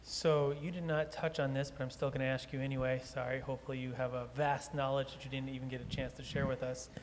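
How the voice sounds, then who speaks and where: A man's voice: medium pitch, little pitch movement, fast, background noise. A man in the audience politely asking a health question, apologizing for raising it. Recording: reverberant church hall, faint ambience.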